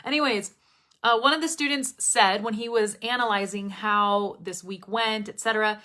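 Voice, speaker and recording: A young woman teaching English pronunciation, talking to her students in a live stream. She speaks very clearly and expressively and laughs often. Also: mid-range voice, steady tone, moderate pace, pushed and bright.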